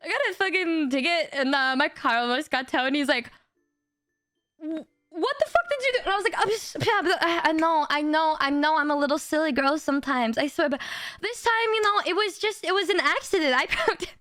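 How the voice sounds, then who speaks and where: A young woman streaming to her chat tells a story in a very high, bright voice. She talks in a loose, animated way, swears often and laughs along. The mic is close and dry, with soft music in the background. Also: a little fast, dry recording. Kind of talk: casual storytelling to a live chat.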